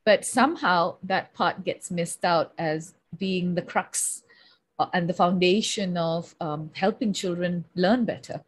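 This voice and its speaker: A woman's voice: lowish voice, measured pace. Chatty woman speech therapist hosting a call. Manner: chatty, agreeing, many fillers like "like" and "um". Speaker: speech therapist and webinar host. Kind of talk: conversational webinar interview.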